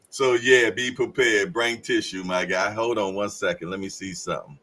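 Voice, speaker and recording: Bright-voiced laughing podcast host man. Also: on the low side, rough recording. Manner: laughs often, drawn-out storytelling with slang fillers. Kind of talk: casual livestream chat.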